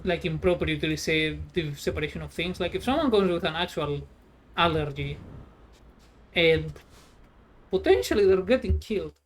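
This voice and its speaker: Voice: medium pitch, expressive, moderate pace, pauses often. A streamer chatting casually while playing a trucking game, rambling and sarcastic, swearing freely. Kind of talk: casual gameplay chat.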